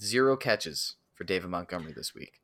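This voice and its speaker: Low voiced guy joking around on a football podcast, dry dead room. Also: lively intonation, brisk, a bit bright, no echo. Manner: playful, joking banter. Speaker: fantasy football podcast co-host. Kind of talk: casual sports chat.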